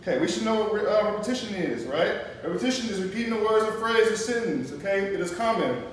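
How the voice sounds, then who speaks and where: Man, teacher, high-pitched, patient, asks "okay?" often, far from the mic, faint background noise. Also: lively intonation, quick pace, very echoey. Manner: explains patiently, checks in with "okay?". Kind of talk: classroom poetry lesson. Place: classroom.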